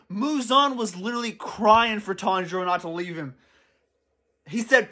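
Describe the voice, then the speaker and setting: A young man giving casual, excitable commentary as a channel host, rambling and swearing freely. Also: high voice, moderate pace.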